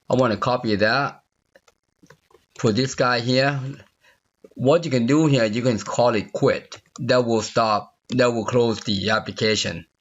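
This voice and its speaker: Guy slowly walking thru his code on a screen recording, keeps asking "you see there?", kinda dull lo-fi audio. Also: medium pitch. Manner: thinking aloud, repeats phrases, asks viewer "you see there?". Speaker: software tutorial instructor. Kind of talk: unscripted screen-recorded coding walkthrough.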